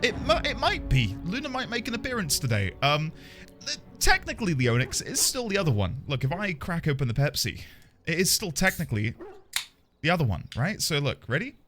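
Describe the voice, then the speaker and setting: A man's voice: a little high, very animated, brisk, fairly bright tone, faint music behind. A man live-streaming a game, chatting playfully with viewers, with theatrical asides and frequent laughter.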